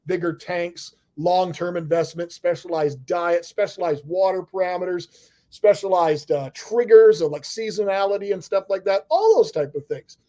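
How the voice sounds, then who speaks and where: A man's voice: high-pitched, warm tone. A middle-aged man hosting a live-stream chat over a video call, rambling casually with frequent chuckles. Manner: rambling, chuckles often, friendly banter. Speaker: host of live aquarium club discussion.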